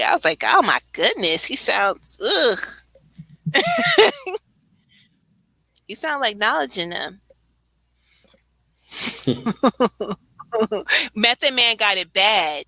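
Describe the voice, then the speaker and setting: A woman with a New York accent chatting casually on a late-night show, animated and rambling, laughing often. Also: medium pitch, takes it slowly, long pauses, no echo, low-quality recording. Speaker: co-host.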